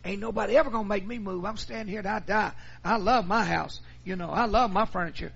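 A man putting on the voice of his stubborn elderly mother, quick and defiant. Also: very high-pitched, lively intonation, gravelly, pushed and bright, husky, highs cut off, pitched above the performer's own voice, full character voice.

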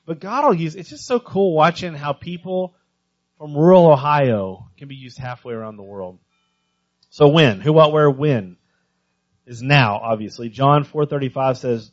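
A man giving a missions talk to a church congregation, telling stories with lively energy and often stumbling over repeated words. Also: on the high side, moderate pace, dull audio. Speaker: visiting missions speaker.

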